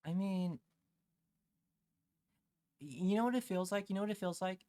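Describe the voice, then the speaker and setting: A man's voice: high-pitched, normal speed, dark tone, no room sound. A man streaming a comic rant, rambling with many fillers and repeated phrases.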